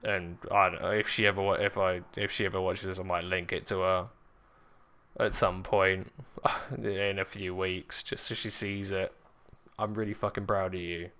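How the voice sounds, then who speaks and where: A man, candidly telling a personal story in a vlog, halting with fillers and swearing often. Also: sits low, flat delivery, bright, forceful tone, clear, resonant tone. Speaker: vlogger.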